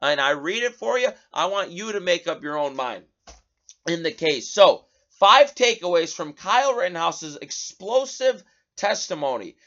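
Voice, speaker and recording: A man's voice: high-pitched, animated, normal speed, pushed and bright. Sarcastic male talk-show host, lo-fi sound. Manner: reads news aloud, then breaks off with sarcastic asides. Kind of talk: opinionated news commentary. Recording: dull lo-fi recording.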